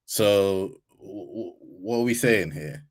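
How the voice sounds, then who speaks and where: A man's voice: low voice, takes it slowly. A man co-hosting a casual sports debate, pressing his point and calling out a contradiction.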